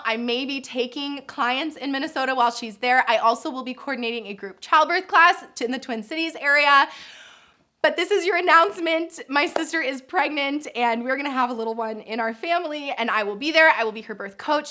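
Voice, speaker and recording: A woman in her thirties who works as a birth coach and nurse answers viewer questions in a casual vlog. Her voice is high with a sharp tone, and she gushes and laughs often.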